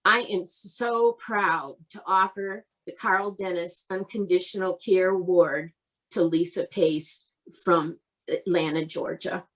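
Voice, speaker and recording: A woman presenting an award over a video call, speaking slowly and earnestly, close to tears with pride. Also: fairly low pitch, steady tone, poor audio. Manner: warm, emotional, slow and earnest.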